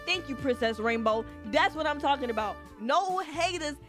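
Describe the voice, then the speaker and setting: A woman's voice: high-pitched, lively intonation, moderate pace, a bit bright, faint music behind. A woman streaming a game live, talking casually to her chat and often shrieking and laughing. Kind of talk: live gaming commentary.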